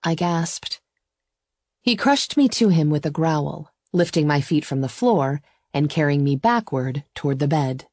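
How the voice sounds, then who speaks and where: A woman narrating a first-person romance audiobook in an even, intimate storytelling voice. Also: deep voice, measured pace, no room sound, clean studio sound.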